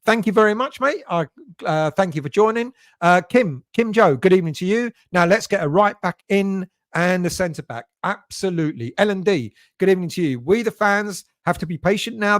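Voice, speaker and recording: A man's voice: high-pitched, no room sound, studio quality. A man hosting a casual live stream, chatting and greeting viewers by name as he reads their messages. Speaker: fan channel host reading live chat.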